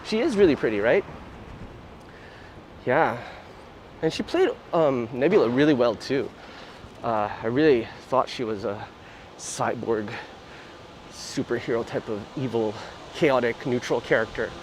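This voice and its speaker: A man's voice: medium pitch, animated, unhurried, long pauses, slight background noise, low-quality recording. A man hosting a casual livestream outdoors on city streets, chatting in a rambling way with lots of fillers. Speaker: livestream host.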